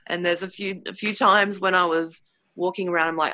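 A woman recounts a personal experience in an earnest, hesitant way, pausing often to find her words. Her voice is bright and forward. The sound is dry and close, with no room around it. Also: fairly low pitch, dry recording. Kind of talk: personal storytelling.

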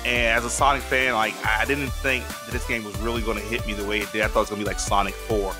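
A man co-hosting a podcast in casual chat, rambling and excitable with lots of restarts. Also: on the low side, fast talker, over music. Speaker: podcast co-host.

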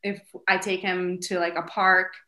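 Bright-voiced chatty young mom. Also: female voice, on the low side, flat delivery, a little slow. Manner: chatty, lots of fillers, giggly. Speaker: guest, single mother. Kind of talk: casual interview chat.

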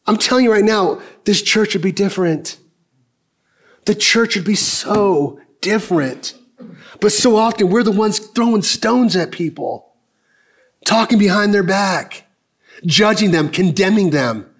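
A man's voice: lively intonation, a little slow. A man in his fifties preaching a sermon as pastor, telling personal stories and acting out the dialogue. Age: 50s. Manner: storytelling, acting out dialogue in lowered voices.

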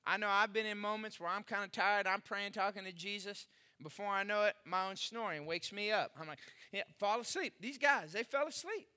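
A middle-aged man preaching a sermon as a pastor, his voice pitched high and ringing with a sharp, forceful brightness. He speaks with animation and slips into the voices of the people in the story as he reads. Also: brisk.

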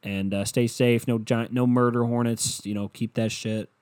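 A man's voice: mid-range voice, flat delivery, normal speed, a little mellow, smooth. A young man hosting a solo podcast, rambling casually with lots of profanity and filler words. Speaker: podcast host.

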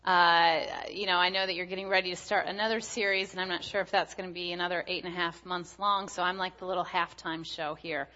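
A woman's voice: fairly low pitch, steady tone, a little fast, few pauses, pushed and bright, dull audio. A woman in her thirties, a guest speaker giving a chatty, story-filled sermon with many filler words.

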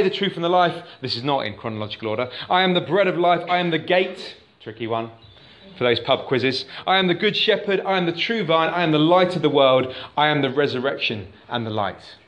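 A man gives a sermon in a church, talking conversationally and putting questions to the congregation. His voice sits a little high. The room around him is echoey. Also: animated, brisk, a bit bright, dull audio. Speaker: pastor. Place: church hall.

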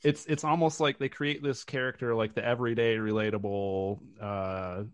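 A man's voice: on the low side, normal speed, smooth, dry recording. Easygoing male podcast guest, dry sound. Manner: relaxed, easygoing, trailing "like" and "you know". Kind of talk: casual chat.

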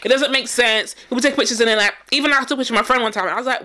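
A woman's voice: fairly high pitch, rapid-fire, bright, forceful tone. A woman co-hosting a casual chat, talking emphatically and repeating phrases for effect.

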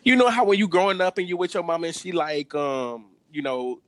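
A man's voice: a little high, lively intonation, fast talker, bright, forceful tone, no room sound. A man voicing a brash, defensive woman celebrity with a sassy, exaggerated drawl.

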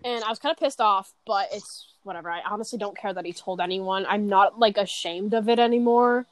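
A teenage girl chatting casually from her bedroom, her talk rambling, full of fillers, restarts and swearing. Her pitch sits mid-range, and the room sound is dry and close. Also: a little fast, no echo. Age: teens. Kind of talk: casual chat.

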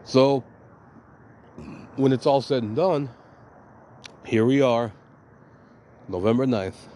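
A man's voice: medium pitch, slow, dark tone, a little hiss or hum. A man hosting a podcast, talking casually in a rambling, profane and emphatic way. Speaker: podcast host.

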